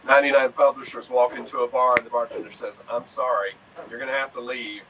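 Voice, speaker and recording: Soft-spoken man telling jokes from afar. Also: mid-range voice, level tone, fast talker. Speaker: improv player. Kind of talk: improvised joke telling. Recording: distant mic, faint room noise.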